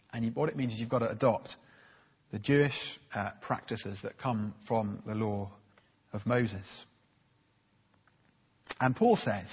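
A man's voice: lowish voice, measured pace, pauses often, breathy edge. A man preaching a sermon in an earnest, conversational way, with frequent ums and uhs. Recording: dull recording in a reverberant hall.

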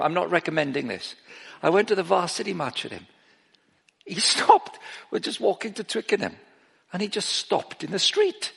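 A middle-aged man gives a sermon in a chatty, stop-start manner that livens up whenever he tells a story. His voice sits a little high for a man, with a husky, gravelly grain. It rings out with the long echo of a large hall. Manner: informal, self-interrupting, grows animated while telling stories. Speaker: preacher. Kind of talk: sermon with anecdotes.

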